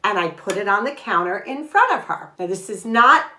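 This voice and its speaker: An older woman hosting a home vlog, telling a story in a chatty, animated way and acting out the lines of the people in it. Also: medium pitch, moderate pace. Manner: chatty and animated, retelling with quoted dialogue. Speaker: vlog host. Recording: echoey room.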